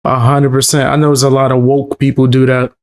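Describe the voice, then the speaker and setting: A man's voice: medium pitch, monotone, fairly quick. A man with a mid-range voice talks in casual stream chat. He is laid-back and blunt, with the occasional chuckle.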